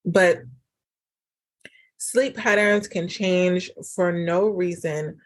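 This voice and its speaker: A woman talks through a casual solo podcast episode, giving relationship advice in a chatty, animated way. Her voice sits a little low for a woman, and she fills her sentences with "like" and "um.". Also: extremely slow. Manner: chatty and animated, acts out quoted dialogue; frequent fillers like "like" and "um". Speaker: podcast host and relationship coach.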